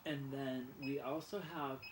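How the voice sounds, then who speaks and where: A man's voice: medium pitch, little pitch movement, a little slow. A man vlogging casually, rambling and self-mocking, repeating words aloud to practise saying them. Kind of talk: casual vlog chat. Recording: roomy sound with clear background noise.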